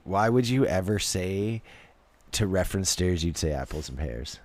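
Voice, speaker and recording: Deep-voiced man, jokey podcast banter. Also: expressive, moderate pace, dry recording. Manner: jokey, laughs a lot, trips over words. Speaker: podcast co-host. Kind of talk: casual chat.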